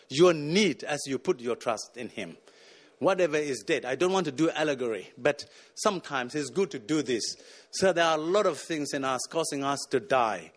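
A man's voice: medium pitch, slightly rough. A man preaching a sermon, emphatic and repeating words as he searches for them.

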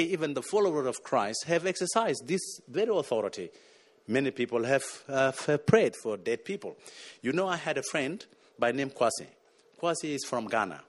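Emphatic preaching man. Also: mid-range voice. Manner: emphatic, repeats words when searching. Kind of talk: sermon.

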